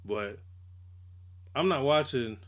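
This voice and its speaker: A man's voice: mid-range voice, takes it slowly. A man co-hosting a podcast in casual chat, telling stories in slang and acting out what others said. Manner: animated storytelling, slangy, acts out quotes. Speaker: podcast co-host.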